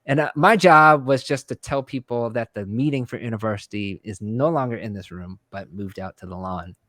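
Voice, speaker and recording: Brief: male guest speaker, casual and lively, voices the people in his story, dry close sound. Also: moderate pace, no room sound. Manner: animated, acts out dialogue with pitch jumps; many fillers and restarts. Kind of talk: conversational webinar storytelling.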